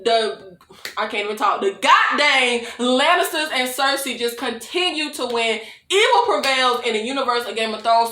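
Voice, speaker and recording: Sassy high-voiced woman in echoey room. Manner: expressive, sassy, laughs often, calls viewers "y'all" and "baby". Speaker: TV recap reviewer. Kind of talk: casual, animated episode recap.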